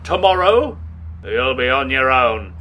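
A man's voice: medium pitch, very animated, a little slow, bright, forceful tone, faint music behind. An actor playing a righteous, pompous male archangel with formal, lofty speech in an audio drama. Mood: stern.

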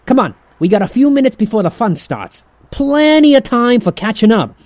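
A man's voice: very high voice, very animated, moderate pace, a little mellow, dry recording. An actor playing a jovial, sleazy male demon who talks in slangy, chuckling banter in an audio drama. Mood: breezy.

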